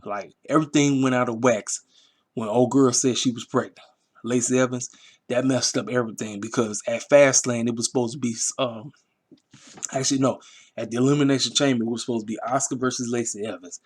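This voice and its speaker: A man's voice: medium pitch, fairly even intonation, a little fast, breathy edge. A man hosting his own wrestling review channel, talking in a casual, rambling, emphatic way full of slang and repetition. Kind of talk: casual commentary.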